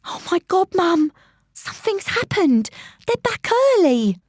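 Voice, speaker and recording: A woman reading an audiobook, voicing a frightened young girl who pleads in a high, panicky voice. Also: big pitch swings, a little slow, dry recording, clean studio sound, heavily acted. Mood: panicked.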